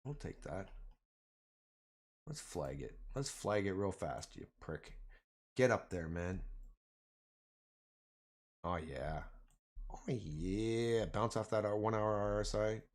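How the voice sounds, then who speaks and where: This man speaks slowly with long pauses, his voice on the low side. He's a Canadian livestreamer who trades stocks and gives his chat loose, slang-filled, animated market commentary, addressing them as man and boys.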